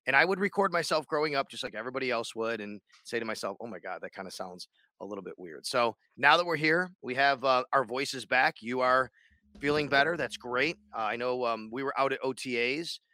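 A man's voice: medium pitch, brisk, pushed and bright, no echo. A man who hosts sports radio, chatting casually on a podcast in a rambling way with many restarts.

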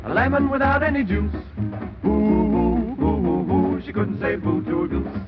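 A man's voice: high-pitched, wildly swooping pitch, moderate pace. A man singing as a jaunty vintage bandleader in an old-time song, over guitar music on a dull, lo-fi old recording.

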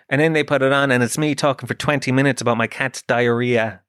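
A man's voice: medium pitch, fairly even intonation, fairly quick, few pauses, a bit bright, smooth, dry recording, clean studio sound. A man hosting a podcast, telling a rambling, self-mocking story in casual chat and swearing freely. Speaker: podcast host.

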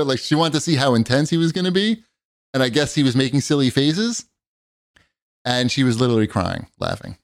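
A man telling a meandering, profane story, his pitch rising and falling with lively swings. The sound is dry and close, with no room around it. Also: a little fast, no room sound. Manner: rambling, profane storytelling with many fillers. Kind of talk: casual chat.

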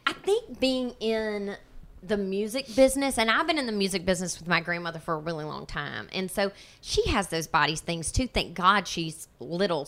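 A woman chatting casually as a podcast guest, talking in an earnest, self-reflective, rambling way. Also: lowish voice. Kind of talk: casual chat.

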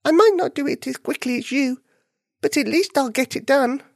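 A man voicing an eager, helpful young male bunny in a high, exclaiming voice. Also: animated, moderate pace, vocal fry, no echo, studio quality, full character voice. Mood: concerned.

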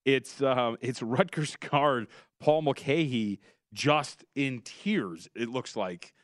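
A man's voice: mid-range voice, slow, no echo, studio quality. A man co-hosting a casual sports betting show, talking emphatically with frequent restarts.

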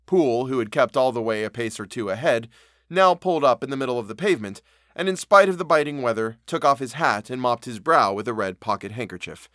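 A man's voice: mid-range voice, expressive, brisk, fairly bright tone, no echo. Man narrating a classic tale, dry sound. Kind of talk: audiobook narration of a classic story.

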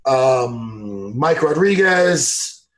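A man hosting a podcast in casual chat, excitable and animated, laughing often and acting out what others said. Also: mid-range voice, very slow. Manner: animated, excitable, laughs a lot, acts out impressions loudly. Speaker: podcast host.

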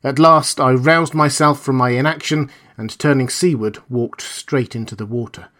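Man, audiobook narration, mid-pitched voice, measured and steady pace. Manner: measured, steady storytelling that voices quoted lines with a raised pitch. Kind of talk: scripted first-person narration of a classic novel.

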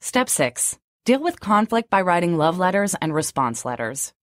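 A woman in her thirties co-hosts, her voice sitting a little low. She shifts between tidy read-out summaries and loose, chatty talk peppered with "like". The sound is close and dry. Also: big pitch swings, moderate pace, no echo. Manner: chatty, frequent "like" fillers when unscripted. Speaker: co-host. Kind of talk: scripted summary and casual chat.

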